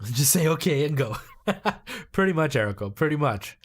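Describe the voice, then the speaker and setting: A man's voice: fairly high pitch, sing-song, normal speed, a little hiss or hum. A man from El Salvador, a game streamer chatting casually with his live viewers and explaining things at length.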